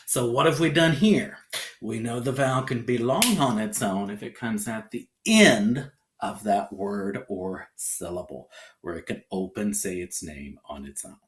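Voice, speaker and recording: A male teacher walks young children through a phonics lesson at an unhurried pace. He sounds out each letter patiently, then lifts his voice brightly to check in with them. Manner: lively pitch, rising on cheerful check-ins.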